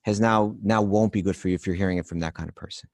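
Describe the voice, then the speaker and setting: A man co-hosting a spiritual podcast, explaining scripture calmly and supporting his partner. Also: low voice, rapid-fire, no room sound. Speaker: podcast co-host. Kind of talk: casual spiritual podcast chat.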